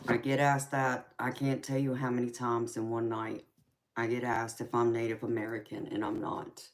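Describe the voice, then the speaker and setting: Her pitch is extremely low with little movement, and she talks at normal speed over very noisy audio. She's a tarot reader and live streamer from California, raised in Georgia, whose Southern American accent colors her casual chat with viewers, full of laughter and words like honey and sweetheart.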